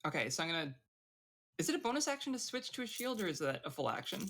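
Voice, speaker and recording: Female player, deep for a woman, halting, filler-heavy. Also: big pitch swings, a bit bright. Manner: hesitant, many fillers. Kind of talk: casual tabletop play.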